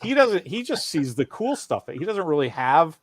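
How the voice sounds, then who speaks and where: A man's voice: a little high, moderate pace, no echo. A middle-aged man co-hosting a casual chat podcast, telling stories with swearing and acted-out quotes. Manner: animated storyteller, swears, acts out quotes. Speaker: podcast co-host.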